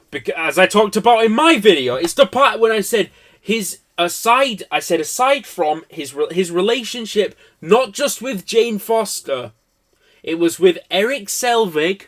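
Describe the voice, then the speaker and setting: A man giving an unscripted film review, rambling, swearing and cutting himself off mid-thought. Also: fairly high pitch. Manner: rambling, profane, self-interrupting.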